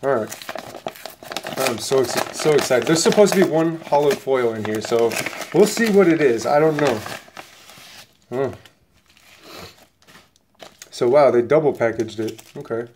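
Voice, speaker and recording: An excitable man chats to his viewers in a loose, rambling unboxing vlog, his voice sitting at an ordinary middle pitch. He sounds a bit sniffly, as if a cold is coming on. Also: a little slow, pauses often, slight background noise. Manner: excitable, rambling, chatty, talks straight to viewers. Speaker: channel host opening trading cards.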